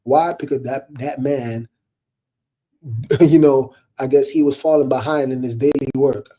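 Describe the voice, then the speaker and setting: Casual male commentator, animated, husky and dark-toned, preaching to his viewers. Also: mid-range voice, measured pace. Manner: animated, addresses listeners as y'all, laughs often. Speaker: online commentator.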